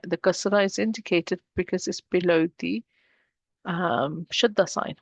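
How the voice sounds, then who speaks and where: A woman teaching a beginner Arabic lesson, patient and explanatory, slowing down to model each word. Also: on the low side, creaky, no room sound, dull audio. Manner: patient, slows down to model pronunciation.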